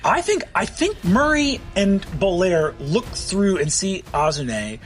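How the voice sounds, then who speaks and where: A man acting as game master, narrating a tabletop game with vivid, animated description. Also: high voice, slow, soft background music.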